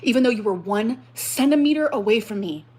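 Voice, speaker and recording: A woman's voice: a little high, expressive, brisk, a little mellow. A woman on a livestream telling how she was hurt, swearing often and repeating lines for effect. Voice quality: exaggerated dramatic repetition. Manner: profane, aggrieved, rising to outbursts. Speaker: livestreamer telling her story. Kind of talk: emotional venting on a livestream.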